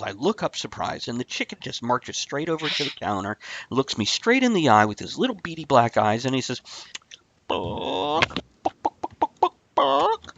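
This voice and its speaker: A man hosting a casual talk show, telling a rambling shaggy-dog story with deadpan asides. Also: mid-range voice, noisy background.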